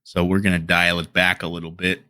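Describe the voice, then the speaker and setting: A man's voice: low-pitched, monotone, brisk, sharp tone, no room sound. A man delivering heated commentary as a YouTuber, ranting and trading insults.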